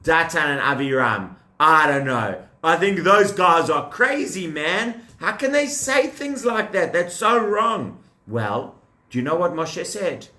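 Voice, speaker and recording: A man, a father, telling a Bible story to his young child, expressive and exclaiming, often asking questions. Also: on the high side, a little slow. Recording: echoey room.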